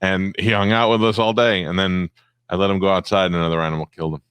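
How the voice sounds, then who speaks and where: A man in casual chat telling blunt, deadpan stories. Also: deep voice, quick pace, clear, resonant tone, no room sound.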